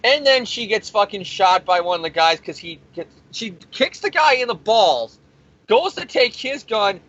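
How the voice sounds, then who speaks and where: A man's voice: high-pitched, pushed and bright. A man recapping a comic issue in a rambling, profane, sarcastic way, as the host of a review show. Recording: dull lo-fi recording.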